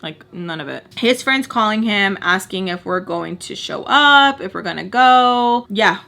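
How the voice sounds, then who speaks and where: A young woman talks through a storytime in a loose, chatty way, leaning on fillers. She slips into other people's voices as she quotes them. Her voice sits in a middle pitch. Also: unhurried, creaky, sharp tone. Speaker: vlogger telling a nanny story. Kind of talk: casual storytime.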